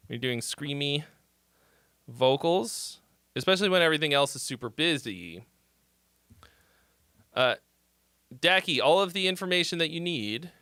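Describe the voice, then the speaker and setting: Lively guy rambling on a livestream, cursing a lot, super expressive pitch, dry close sound. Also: clear, resonant tone, no echo. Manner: animated, profane, rambling. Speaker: music critique livestream host. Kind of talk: casual livestream chat.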